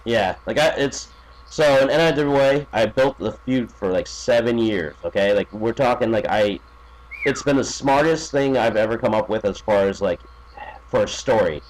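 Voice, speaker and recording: A man's voice: medium pitch, animated, normal speed, low-quality recording. A man chatting as a podcast guest, rambling with many fillers, restarts and profanity. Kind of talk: casual podcast chat.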